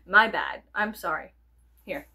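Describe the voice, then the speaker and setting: This young female vlogger has a fairly high, gravelly voice that sounds a bit bright. Her rambling chat to the camera is casual and playful, peppered with swearing, with her volume dropping to near whispers and spiking into sudden squeals.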